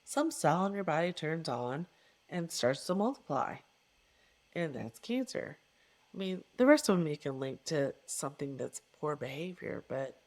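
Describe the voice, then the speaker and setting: In a reflective interview, a middle-aged female coach speaks as the guest in a voice that sits low with a darkish tone. She comes across as earnest and emphatic, repeating phrases for emphasis.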